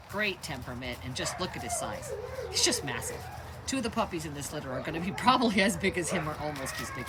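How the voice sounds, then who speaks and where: A woman who breeds dogs chats casually over home videos of her animals, cooing at the puppies as she goes. Her mid-range voice echoes around a kitchen that's under construction, and there's heavy noise in the background.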